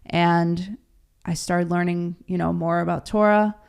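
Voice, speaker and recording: A woman's voice: lowish voice, steady tone, a little slow, creaky, darkish tone, clear, resonant tone. A woman from Baltimore, a guest on an interview show, telling her story in a casual, chatty way, laughing often and acting out what people said. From Baltimore, USA.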